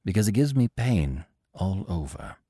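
A man voicing a gloomy male spirit who urges suicide, speaking low, hushed and sulky. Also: sing-song, husky, no room sound, studio quality, exaggerated voice. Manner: sulky, sinister, drawn-out.

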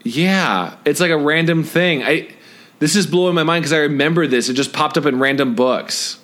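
A man co-hosting a podcast in casual chat, excitable and rambling with many restarts. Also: fairly high pitch, moderate pace. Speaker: podcast co-host.

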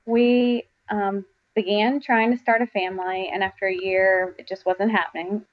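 Earnest woman, podcast guest, mid pitch, slightly lo-fi sound. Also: little pitch movement. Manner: earnest, reflective, quick to laugh. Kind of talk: faith podcast conversation.

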